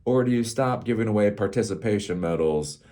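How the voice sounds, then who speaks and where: A man's voice: on the low side, fairly quick, mellow. A middle-aged man hosting a casual, rambling tech commentary show, sarcastic and laughing at his own jokes.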